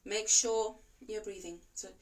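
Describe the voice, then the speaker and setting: A woman, a voice and breathing coach whose first language is not English, giving calm, reassuring instructions and demonstrating slow breaths. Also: medium pitch, recorded from a distance. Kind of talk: instructional talk to camera.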